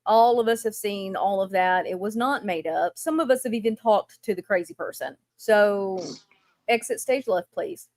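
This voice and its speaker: A woman hosting a casual livestream, answering viewers' comments by name and recounting a conversation, blunt, with halting restarts. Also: mid-range voice, expressive, darkish tone, no echo. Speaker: livestream host.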